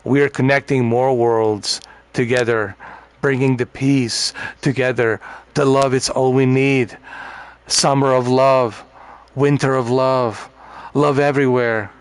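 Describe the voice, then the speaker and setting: A man mocking a dreamy soft-spoken courier. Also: mid-range voice, steady tone, slow, clean tone, no room sound, lightly acted. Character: calm hippie-ish male courier, dreamy and soft.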